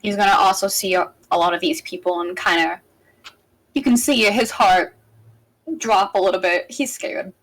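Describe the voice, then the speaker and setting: A woman runs a tabletop game as game master, describing scenes in a loose, rambling way. Her pitch sits in a mid range, and she often restarts her sentences as she goes. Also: moderate pace, fairly bright tone, rough recording. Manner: casual, rambling, with frequent restarts.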